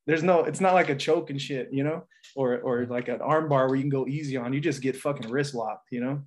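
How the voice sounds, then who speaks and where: A man's voice: mid-range voice, brisk, slight background noise. Cursing man telling a gym story. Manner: profane, animated storytelling. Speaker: podcast co-host. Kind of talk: casual podcast chat.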